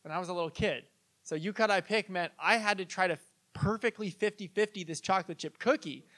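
A man preaching a sermon in a church, telling stories in a conversational, animated way and asking the congregation questions. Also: sits high, brisk. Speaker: pastor.

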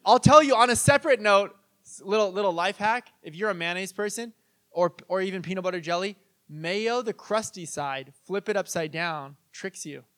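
A male pastor with a fairly high-pitched voice delivers a sermon in a church. He tells stories in a relaxed, conversational way and turns to the congregation with questions. His delivery is animated and engaging. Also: moderate pace.

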